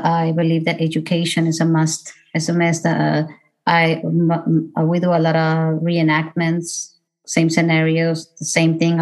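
A middle-aged woman with a low voice shares a personal story of loss. She speaks haltingly, with many fillers and restarts, emotion close to the surface. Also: a little mellow, low-quality recording. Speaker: bereaved mother speaking about road safety. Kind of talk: personal testimony talk.

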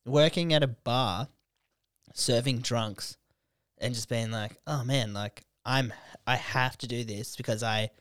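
A man's voice: fairly low pitch, dry recording, studio quality. A young man hosting a podcast, telling stories animatedly with lots of swearing and laughter. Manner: animated storyteller, swears freely, quick laughs. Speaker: podcast host. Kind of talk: casual chat.

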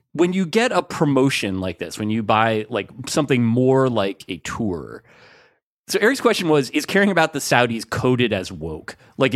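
A man co-hosting a sports podcast in casual chat, rambling and animated with many fillers. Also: lowish voice, no echo, clean studio sound. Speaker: podcast co-host.

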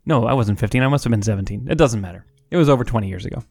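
A man's voice: mid-range voice, rapid-fire, a little mellow, no room sound. A man in his late thirties co-hosting a podcast, chatting casually and telling stories with playful asides and frequent laughs. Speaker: podcast co-host. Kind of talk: casual chat.

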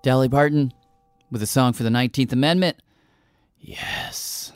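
A man's voice: mid-range voice, smooth, dry recording. A man hosting a radio show, talking in a loose, conversational way with fillers and restarts. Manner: warm, halting with fillers and restarts. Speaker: host.

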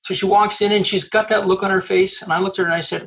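A middle-aged man from Canada, a guest in an interview, telling a story in an animated way, laughing and acting out the voices he quotes. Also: high-pitched, fast, few pauses, poor audio. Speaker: guest, recruiter. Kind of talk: storytelling in a conversation.

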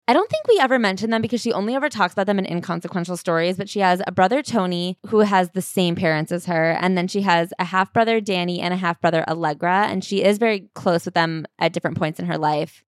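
A woman's voice: lowish voice, fast talker, hardly any pauses, dry recording, studio quality. Chatty woman reviewing a memoir. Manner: chatty, lots of "like". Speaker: podcast co-host. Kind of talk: casual book-review chat.

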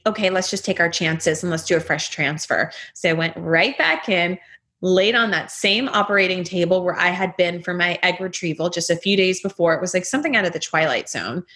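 Female guest, casual chatty storyteller, animated and dramatic, acts out the dialogue she quotes. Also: on the low side. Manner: animated, chatty, leans heavily on "like". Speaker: guest telling a personal story.

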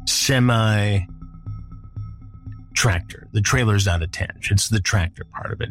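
A man hosting a podcast, retelling a story in a measured, dramatic way. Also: lowish voice. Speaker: podcast host. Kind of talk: storytelling narration.

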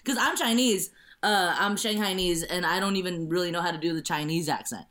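A woman's voice: on the low side, a little fast, fairly bright tone. A woman from the Los Angeles area, guesting on a podcast, chatting playfully and self-deprecatingly with laughs. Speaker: podcast guest, actress and comedian. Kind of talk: casual podcast chat.

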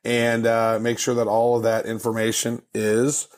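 A man's voice: mid-range voice, completely flat delivery, measured pace. Easygoing man co-hosting a podcast. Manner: easygoing, hesitant, with many fillers. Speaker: podcast co-host. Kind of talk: casual podcast chat.

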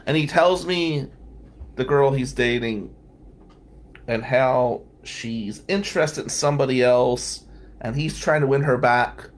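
A man's voice: mid-range voice, slow pace. A man from New Jersey, a defense lawyer, telling a wry, self-mocking story in a casual podcast chat.

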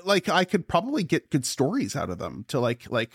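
A man's voice: on the high side, wildly swooping pitch, brisk, vocal fry, slightly rough, dry recording, clean studio sound. A man co-hosting a podcast from his home office, chatting casually and rambling with jokes and fillers. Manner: rambling, joking, many fillers. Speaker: podcast co-host. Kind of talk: casual chat.

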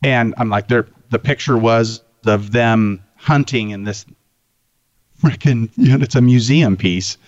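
Man, casual storyteller, salty and animated, dry close sound, a bit dull. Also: mid-range voice, a little slow, dry recording. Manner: animated, profane anecdote-telling. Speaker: guest, Jeep owner.

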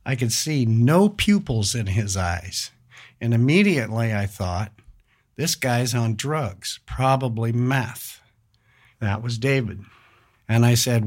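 Male interviewee, unhurried storyteller, deliberate delivery, mid-range voice. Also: medium pitch, lively intonation. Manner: deliberate, measured, rising sharply when quoting shouts. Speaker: interviewee recounting an attack. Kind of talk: slow first-person storytelling.

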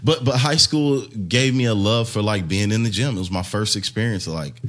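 A man from the American Midwest talks in a very deep, low register. He tells stories in a loose, laid-back way, trailing off and laughing at himself as a guest on a casual podcast. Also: a little fast, fairly bright tone. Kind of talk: casual chat.

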